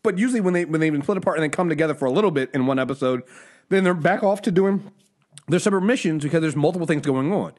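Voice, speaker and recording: A man co-hosting a casual review show, chatting loosely and acting out scenes. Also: racing. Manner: animated, acts out scenes in high mock voices. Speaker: podcast co-host.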